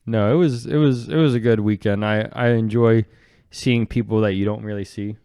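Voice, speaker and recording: A young man chatting casually as a podcast co-host, laid-back and halting, with lots of fillers. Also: fairly low pitch, fairly even intonation, mellow, clean tone, no echo, clean studio sound. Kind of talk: casual chat.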